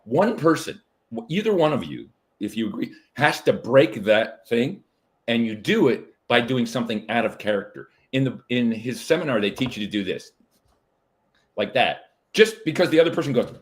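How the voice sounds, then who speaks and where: A middle-aged man, a comedian guest, chatting casually in an interview, often halting with fillers and restarts. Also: medium pitch, animated.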